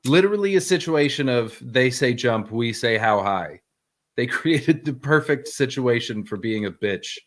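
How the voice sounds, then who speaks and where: Stream co-host, man, mid-pitched, wry anecdotes. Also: expressive, unhurried. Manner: wry, acts out quoted people. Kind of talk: casual chat, storytelling.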